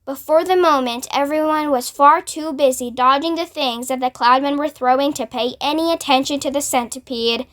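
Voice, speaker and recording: High-voiced woman reading a children's book. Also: fairly even intonation, moderate pace, few pauses, a bit bright. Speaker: storyteller. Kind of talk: children's book read-aloud.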